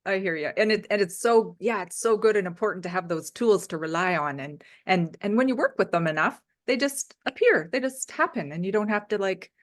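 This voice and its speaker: A woman's voice: medium pitch, animated, a little fast, few pauses. Woman, interview host, casual chat, supportive and reflective, laughs easily.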